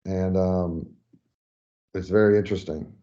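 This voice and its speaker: A man's voice: low-pitched, steady tone, unhurried, dark tone. Man, podcast host, conversational, muffled sound. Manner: rambling, conversational with fillers. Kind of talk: casual interview. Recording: dull lo-fi audio.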